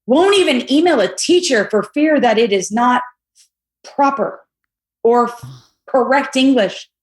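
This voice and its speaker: A middle-aged woman on a podcast as a guest, telling candid stories in a blunt, animated way and acting out what people said. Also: fairly high pitch, unhurried. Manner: animated, blunt, swears, acts out quotes. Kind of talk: candid storytelling chat. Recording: echoey room.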